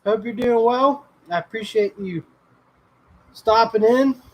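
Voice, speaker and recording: A man's voice: very high-pitched, slow pace, rough recording. A man hosting a casual livestream, chatting in a laid-back, rambling way and greeting viewers by name. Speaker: livestream host. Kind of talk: casual livestream chat reading comments.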